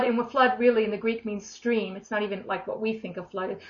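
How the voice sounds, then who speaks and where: A middle-aged woman giving an informal sermon, lively and expressive, acting out the voices she quotes. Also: fairly high pitch, fast, few pauses. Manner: animated, acts out quoted voices with big swings in loudness. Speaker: preacher. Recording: dull lo-fi recording.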